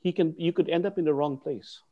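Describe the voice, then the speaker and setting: A man's voice: fairly quick, phone-quality sound. A man, a martial arts teacher, telling a story in conversation and acting out the voices of people he quotes. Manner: lively, acts out quotes with swings in pitch and volume.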